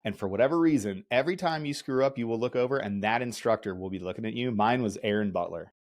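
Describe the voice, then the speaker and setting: Man telling lively stories on a podcast. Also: on the low side, fast. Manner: animated storyteller, acts out voices, laughs often. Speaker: podcast host. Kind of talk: casual storytelling chat.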